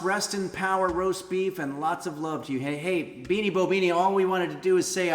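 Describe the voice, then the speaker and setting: A man hosting a casual livestream, joking and reading viewer comments aloud between songs. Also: a little high. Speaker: streamer host. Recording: roomy echo with long reverb and loud guitar. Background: guitar music.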